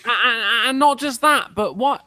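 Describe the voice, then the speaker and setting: Sweary British male guest, bright tone, halting delivery, group call. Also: very high voice, smooth, no echo. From United Kingdom. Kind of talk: casual group chat.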